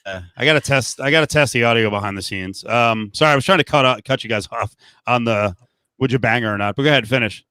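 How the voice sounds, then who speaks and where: A man's voice: medium pitch, fast, bright, forceful tone, smooth, dry recording. A man hosting a live podcast over a video call, talking animatedly with many fillers. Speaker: podcast host. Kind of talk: casual live podcast chat.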